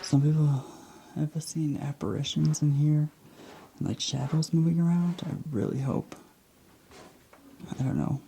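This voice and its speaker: A man's voice: on the high side, steady tone, unhurried, gravelly, pauses often, dark tone, slight background noise. A man exploring a cave as a paranormal vlogger, chatty and jokey, sometimes dropping to a whisper. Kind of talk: casual exploring commentary. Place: inside a cave.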